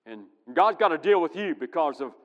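A man mimicking a ranting preacher who warns listeners of an angry God, loud and scolding. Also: on the high side, expressive, a little fast, big-room sound, lo-fi sound, voice pushed up, lightly acted.

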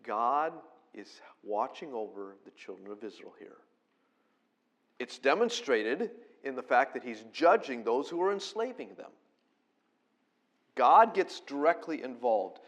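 A man preaching a conversational sermon, explaining scripture verse by verse and rising to loud, emphatic peaks when he quotes it. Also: fairly high pitch, big pitch swings, unhurried. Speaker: pastor.

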